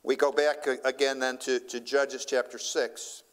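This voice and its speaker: A man's voice: medium pitch, level tone, a little slow, fairly bright tone, clear, resonant tone. A man preaching a sermon in a church, reading scripture aloud and then paraphrasing it in plain everyday words. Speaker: pastor. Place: church sanctuary.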